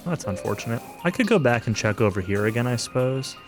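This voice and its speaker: Fast and animated, a mid-range male let's-play streamer narrates his thoughts during a casual playthrough while game music plays behind him. He rambles, hedges, fills gaps with fillers, and slips in dry, self-aware sarcasm at times.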